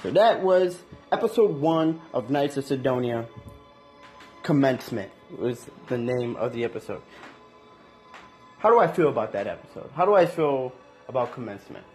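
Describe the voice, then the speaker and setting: A man casually reviewing an anime episode in loose, slangy talk, with lots of restarts and animated reactions. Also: medium pitch, normal speed, faint music behind.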